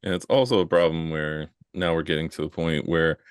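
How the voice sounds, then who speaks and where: Deep-voiced man, earnest and halting. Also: fairly even intonation, smooth, no echo, clean studio sound. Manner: earnest, halting, lots of fillers. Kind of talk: casual podcast discussion.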